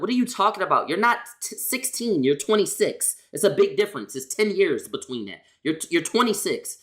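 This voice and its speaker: A woman's voice: fairly low pitch, animated, fairly quick, hardly any pauses, fairly bright tone. Exasperated woman ranting to her chat. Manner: exasperated, repetitive, slangy. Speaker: streamer. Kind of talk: casual rant to stream chat.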